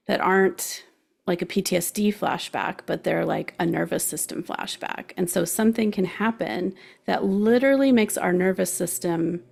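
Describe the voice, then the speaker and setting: Gravelly-voiced woman coaching casually. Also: on the low side, a little mellow. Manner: chatty and encouraging, laughs easily, many "like"s. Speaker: show host giving life guidance.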